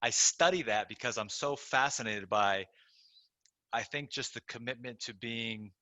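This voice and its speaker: A man hosting a podcast interview, enthusiastic and chatty, jumping in with quick bursts and restarts. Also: mid-range voice, sharp tone, dry recording. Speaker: podcast host. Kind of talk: casual interview chat.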